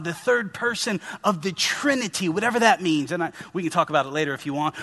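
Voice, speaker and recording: A man's voice: on the high side, pushed and bright. A man in his thirties preaching a sermon in an earnest, conversational way, speaking to his listeners as guys. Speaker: pastor.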